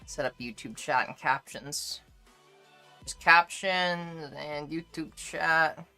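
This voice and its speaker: A woman's voice: sits low, takes it slowly, sharp tone, soft background music. A young woman chatting casually on a live stream, greeting viewers one by one and joking crudely. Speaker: livestreamer.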